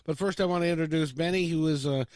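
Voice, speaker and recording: A man's voice: quick pace, darkish tone, no echo. A man hosting a morning talk radio show, enthusiastic and playful, on a studio microphone. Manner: enthusiastic, playful, swoops in pitch.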